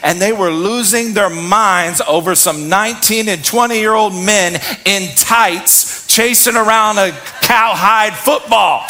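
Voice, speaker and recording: A middle-aged man preaches with fire, his bright, forceful voice climbing to shouted peaks. He calls out to the congregation for answers, and his speaking voice sits a little high for a man. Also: takes it slowly, few pauses. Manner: fiery, preaching with shouted peaks and call-and-response. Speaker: pastor. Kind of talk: sermon.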